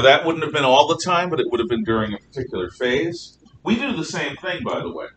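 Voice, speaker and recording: Heard from afar through a room mic, a history teacher gives a spirited, opinionated lecture, occasionally spelling out words slowly. The classroom echoes, and a faint rumble sits underneath.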